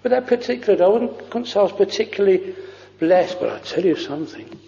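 A man's voice: high voice, lively intonation, fast talker, gravelly, mellow, long reverb tail, dull audio, a little hiss or hum. A man preaching a fervent, old-fashioned sermon, weaving hymn lines into his words. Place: church.

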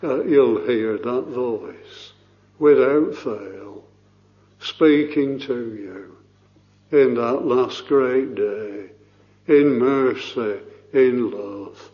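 Slow, solemn male preacher. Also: mid-range voice, dull audio. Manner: slow, solemn, with frequent "uh" and rising fervour. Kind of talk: sermon.

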